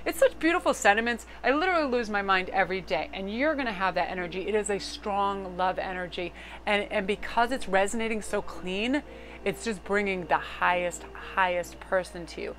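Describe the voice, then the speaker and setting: A middle-aged woman giving a casual tarot reading to camera, excitable, swearing and laughing in bursts of energy. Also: mid-range voice, a little fast. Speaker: tarot card reader.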